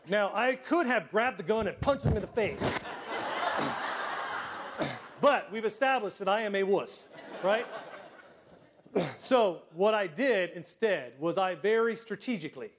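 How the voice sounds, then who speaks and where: A middle-aged man telling personal stories to a live audience, self-deprecating, with comic timing and frequent throat clearing. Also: high voice, a little hiss or hum. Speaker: storyteller.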